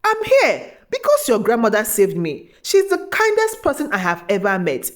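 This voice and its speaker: A gentle, wise mermaid, voiced by a woman storyteller. She speaks softly and kindly, and her pitch moves in wide, lively swings. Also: moderate pace. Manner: gentle, soft-spoken.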